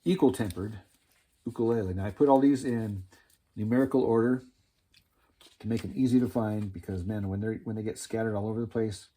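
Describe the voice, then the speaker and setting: A man's voice: on the low side, a little fast, warm tone. A man casually explaining how he lays out frets for homemade string instruments, in a laid-back, rambling way with slang like "man" and "dude". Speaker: instrument builder teaching.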